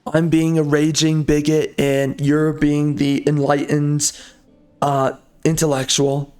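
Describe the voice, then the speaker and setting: A man's voice: on the high side, monotone, slow pace, a little mellow, clear, resonant tone. Angry sarcastic man ranting over gameplay. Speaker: gameplay video host.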